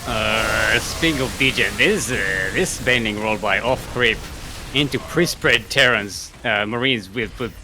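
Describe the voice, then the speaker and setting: A man casting a live video game match, excitable and laughing often as he talks. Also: mid-range voice, a little slow, noisy background. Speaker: esports caster.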